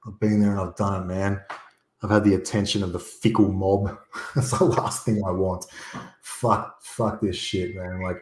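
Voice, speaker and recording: A man's voice: low voice, flat delivery, moderate pace, darkish tone, slight background noise. A man talking as a guest over a video call, blunt and opinionated, swearing freely. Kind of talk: casual chat. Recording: echoey room.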